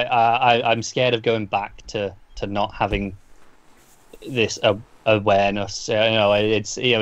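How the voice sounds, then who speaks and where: A man with a lowish voice co-hosts a podcast, recapping a comic book casually and ramblingly, with many restarts and fillers. The recording is dull, lo-fi and dry, with no room sound.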